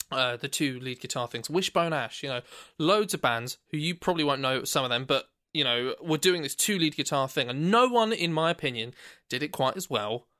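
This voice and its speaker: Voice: medium pitch, fairly bright tone. A podcast co-host chatting casually, rambling and joking at their own expense. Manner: rambling, self-deprecating, joking.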